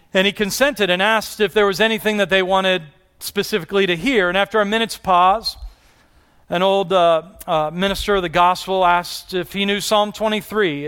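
Guy preaching a sermon, high clear voice, earnest, asks the crowd questions over and over. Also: a bit bright. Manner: earnest, rising and falling preaching with repeated questions. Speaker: pastor.

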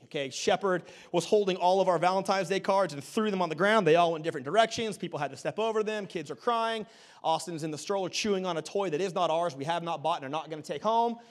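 Man, pastor, sermon, high voice, lively storytelling, joking about himself. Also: fast. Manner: animated storytelling with self-deprecating humor.

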